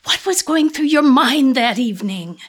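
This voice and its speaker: An actress playing a mother who gently questions her son about his crimes in a soft, hushed voice. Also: sits high, animated, moderate pace. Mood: probing. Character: mother quietly coaxing her son's confession. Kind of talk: audio drama acting.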